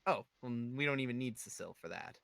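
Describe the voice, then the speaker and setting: A man's voice: mid-range voice, animated, fast talker, gravelly, fairly bright tone, no room sound. A man playing an online tabletop game, thinking aloud in a casual, musing way. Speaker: player.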